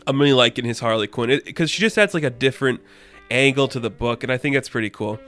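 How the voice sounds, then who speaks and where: A man casually recapping a comic book issue, chatty, laughing often and acting out characters in quick asides. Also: medium pitch, fairly bright tone, clean tone.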